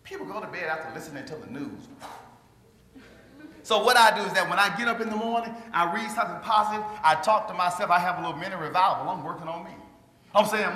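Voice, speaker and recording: A man giving a lively motivational speech to a live audience, drawing call-and-response from the crowd and acting out quoted voices. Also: sits high, fast talker. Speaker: motivational speaker. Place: large hall before an audience. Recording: echoey hall with long reverb.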